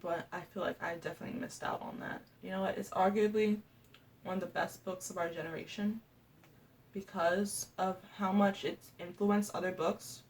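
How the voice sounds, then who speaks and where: A woman's voice: lowish voice, steady tone, normal speed, vocal fry, recorded from a distance, slight background noise. A young woman ranking books in a casual vlog, chatty and gushing, with lots of fillers and restarts. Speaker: booktuber.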